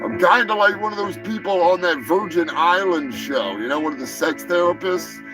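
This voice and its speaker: A man's voice: high-pitched, normal speed, music in the background, poor audio. A man hosting a live comedy show, riffing in a crude, profane, joking rant. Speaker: host.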